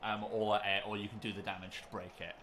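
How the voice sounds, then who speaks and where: Bright-voiced man running a tabletop game. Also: lowish voice, level tone, fast, a little hiss or hum. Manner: hesitant, lots of ums and restarts. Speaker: game master.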